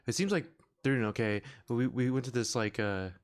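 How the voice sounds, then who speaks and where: A man's voice: medium pitch, brisk. A man hosting a podcast in casual chat, rambling and full of fillers, laughing often. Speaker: podcast host. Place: podcast recording room.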